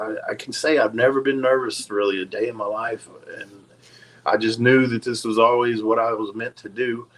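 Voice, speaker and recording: A man's voice: mid-range voice, fairly bright tone, low-quality recording. Laid-back middle-aged man telling stories. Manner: profane, laid-back, chuckling between stories. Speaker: podcast guest, retired pro wrestler. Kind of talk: casual storytelling.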